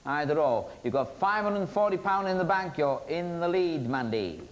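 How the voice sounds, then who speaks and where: A man's voice: on the high side, expressive, normal speed, music in the background. A man hosting a TV quiz show, joking and teasing the contestants. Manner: teasing, jokey banter with contestants. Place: TV studio with audience. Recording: noisy 1990s TV broadcast.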